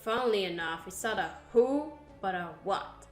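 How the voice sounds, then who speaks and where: A woman's voice: medium pitch, animated, normal speed, roomy sound, faint music behind, close to an everyday voice. A woman voicing a cheerful, quirky lab expert in a game, playful in manner.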